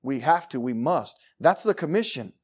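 A man preaching a sermon with fervour, swinging from low, quiet stretches to loud, emphatic bursts. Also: animated, moderate pace, slightly rough.

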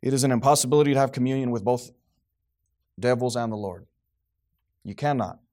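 A man preaching a sermon to his congregation, swinging from quiet, low remarks to loud, high outbursts. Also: a little fast. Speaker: pastor.

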